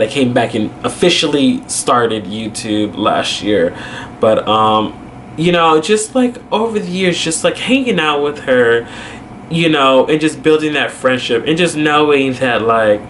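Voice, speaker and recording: A man's voice: mid-range voice, animated, a little slow, fairly bright tone, a little hiss or hum. A young man vlogger telling a personal story casually, rambling with lots of "like" and "you know".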